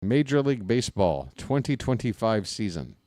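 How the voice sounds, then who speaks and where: A man's voice: on the low side, big pitch swings, normal speed, warm tone, dry recording, studio quality. A man calling a baseball game live for his channel, mixing play-by-play with rambling jokes and chat with viewers. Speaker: play-by-play streamer. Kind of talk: casual baseball commentary with chat.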